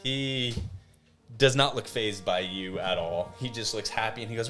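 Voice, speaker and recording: A man's voice: fairly low pitch, normal speed, pushed and bright, faint music behind. A man narrating a tabletop game as game master, casual and full of restarts. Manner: casual, many fillers and restarts.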